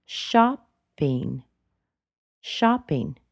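A woman casually describing her daily routine, pausing often with ums. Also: deep voice, big pitch swings, vocal fry, a little mellow, no room sound, clean studio sound. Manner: hesitant, with frequent ums. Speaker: recorded speaker in a sample clip.

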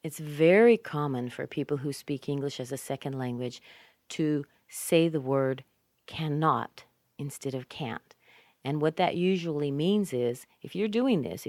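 A woman with a North American accent teaching English pronunciation, repeating example phrases slowly with exaggerated stress. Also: deep voice, a little mellow, dry recording, clean studio sound. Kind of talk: scripted pronunciation lesson.

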